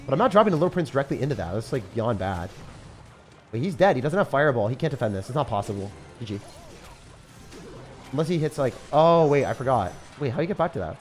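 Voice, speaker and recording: A young man commentating his own live game stream in a jokey, excitable way, bursting into shouts and laughter. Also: mid-range voice, fast, faint music behind. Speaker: gaming streamer.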